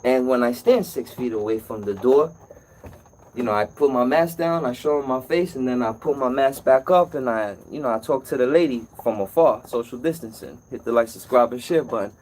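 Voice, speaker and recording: A man hosting a casual live-stream call-in show as an appliance repair technician, telling stories in an animated way. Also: mid-range voice, a little fast, a little hiss or hum, rough recording. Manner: animated storytelling, acts out customer's voice.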